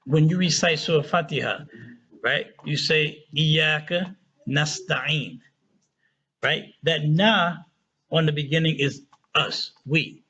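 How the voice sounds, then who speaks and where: A man's voice: a little high, pushed and bright, husky. Chatty man teaching a lesson, dull recording. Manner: chatty, checks in often with "right?" and "okay?"; slows down to spell out Arabic words. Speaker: Arabic teacher. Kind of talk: casual classroom lesson.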